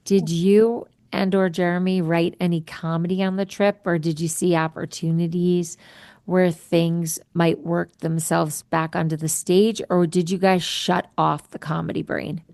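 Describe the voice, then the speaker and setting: Lady podcast host, low gravelly voice, smooth and clear, dry close sound. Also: little pitch movement, unhurried, a little mellow, no room sound. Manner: chatty, explains terms for listeners. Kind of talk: casual interview chat.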